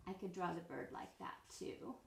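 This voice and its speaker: A woman teaching young children, slow and sing-song, encouraging them as she spells words letter by letter. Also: fairly low pitch, creaky. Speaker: preschool teacher. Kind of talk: early-literacy lesson for young children. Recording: roomy echo.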